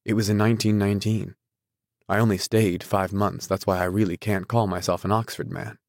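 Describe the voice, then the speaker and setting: An earnest, polite man speaks with quiet intensity in a low voice, as a male reader plays him. The sound is dry and close. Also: little pitch movement, fairly quick, creaky, dry recording.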